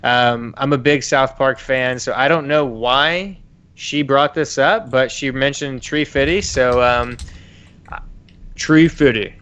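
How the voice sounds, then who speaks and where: A man's voice: mid-range voice, measured pace, pushed and bright, clear, resonant tone, highs cut off. A man chatting casually as a podcast guest, laughing now and then as he talks. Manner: chatty, laughs while talking. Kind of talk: casual chat.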